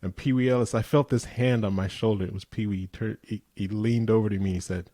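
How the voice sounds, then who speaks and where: A middle-aged man guest in an interview, telling relaxed anecdotes with easy laughter. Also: lowish voice, fast talker, few pauses, dry recording. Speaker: guest musician. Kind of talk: casual interview chat.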